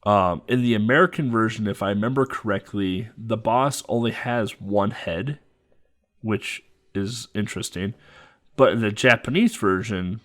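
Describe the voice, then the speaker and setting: A man with a lowish voice co-hosts a podcast, talking loosely through a game's bosses. He rambles, stops and restarts, and fills gaps with ums. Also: normal speed, a bit bright. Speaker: podcast co-host. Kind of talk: casual chat.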